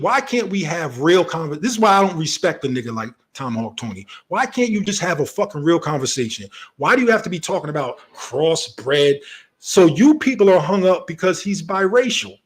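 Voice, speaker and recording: A man giving heated, profane commentary, firing off rhetorical questions. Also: sits high.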